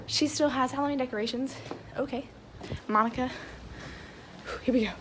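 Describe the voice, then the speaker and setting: A woman's voice: sits high, fairly even intonation, moderate pace, a bit bright. A young woman talking playfully, with exclamations, in a casual vlog among friends. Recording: noisy phone recording.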